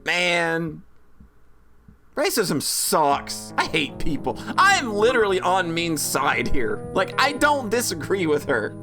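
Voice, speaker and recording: A woman's voice: lowish voice, big pitch swings, takes it slowly. Girl streamer goofing around, playful and self-mocking, voice swoops a lot, game music behind. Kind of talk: let's play commentary.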